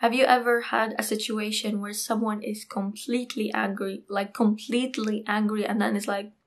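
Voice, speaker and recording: A young woman telling a storytime vlog in an animated, emphatic way. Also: medium pitch, normal speed. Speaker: architecture YouTuber.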